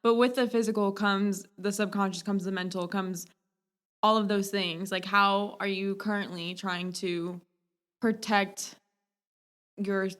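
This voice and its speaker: A woman's voice: mid-range voice, steady tone, unhurried, fairly bright tone, clean tone. A young woman hosting a podcast, asking questions in a casual, chatty way and sometimes losing her thread. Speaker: podcast host. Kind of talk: interview chat.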